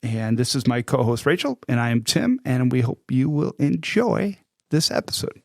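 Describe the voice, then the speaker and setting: Male co-host, casual animated banter, dry studio sound, mid-range voice. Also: mid-range voice, normal speed, vocal fry, no room sound. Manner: animated, laughs easily, jumps into voices. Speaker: podcast co-host. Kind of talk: casual podcast chat.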